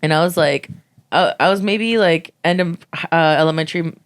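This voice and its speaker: A woman's voice: moderate pace, smooth. A woman in her twenties telling stories in casual podcast chat, swearing freely and acting out the people she quotes. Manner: animated, swears a lot, acts out quotes in loud high bursts. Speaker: podcast co-host.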